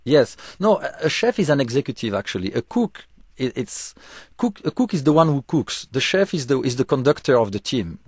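A man who works as a chef answers a radio host's questions in an earnest, explaining way, often stopping and restarting his sentences. His voice sits in an ordinary middle pitch. The sound is close and dry, with no room around it. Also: big pitch swings, a little fast, darkish tone, slightly rough, dry recording. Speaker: chef, studio guest.

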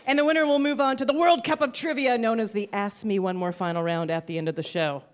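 A woman hosting a live quiz show, bubbly and quick to laugh as she reads clues and calls on players. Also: a little high, steady tone.

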